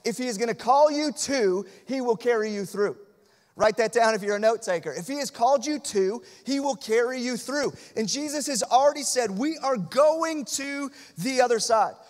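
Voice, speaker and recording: A man preaching a sermon as pastor, swinging from hushed, quiet lines to loud emphatic repetition. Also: very high voice, moderate pace, big-room sound. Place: church sanctuary.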